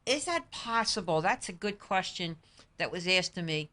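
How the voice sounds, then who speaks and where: Woman host chatting on a talk show, bright slightly low voice, earnest questions. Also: lively intonation, moderate pace. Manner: earnest, asks probing questions, tells family stories. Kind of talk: casual talk show chat. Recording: 2012 public-access talk show studio.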